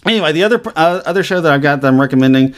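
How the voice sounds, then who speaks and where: A man co-hosting a podcast, chatting casually about TV shows, rambling and correcting himself as he goes, his voice going a little hoarse. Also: fairly high pitch, animated, racing. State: losing his voice. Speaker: podcast co-host. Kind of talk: casual TV review chat.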